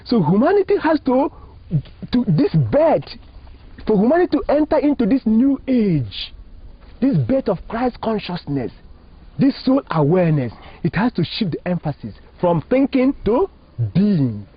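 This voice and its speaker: Man from Nigeria, Catholic priest; high and very animated delivery, slightly husky; emphatic preacher cadence, dull dry lo-fi recording. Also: measured pace. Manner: emphatic, preacherly, rising and falling phrasing, asks rhetorical questions. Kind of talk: spiritual teaching in an interview.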